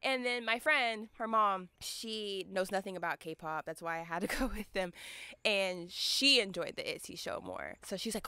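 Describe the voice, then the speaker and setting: A woman's voice: mid-range voice, moderate pace, clean tone, dry recording. A young woman co-hosting a casual podcast, telling stories and acting out quotes. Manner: storytelling with lively quoted voices. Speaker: podcast co-host. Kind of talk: casual chat.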